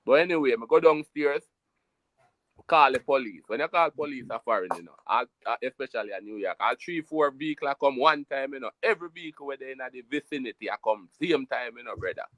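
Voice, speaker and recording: A man with a Jamaican accent tells a story in patois, animated and emphatic. His voice sits at an ordinary pitch for a man, and the recording is close and dry, with no room sound. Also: a little fast, dry recording. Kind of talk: casual storytelling chat.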